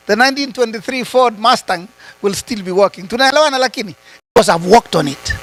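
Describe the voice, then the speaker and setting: A man giving a high-voiced motivational talk. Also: a bit bright, rough recording. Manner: switches between English and Swahili, asks the audience rhetorical questions. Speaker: retreat speaker.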